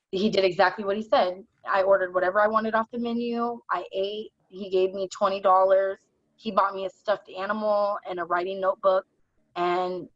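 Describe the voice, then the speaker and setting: A young adult woman telling her own story in conversation, in a halting, earnest way full of "like". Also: medium pitch, no room sound. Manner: halting, earnest, heavy use of "like". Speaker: interview guest. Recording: dull, dry lo-fi recording.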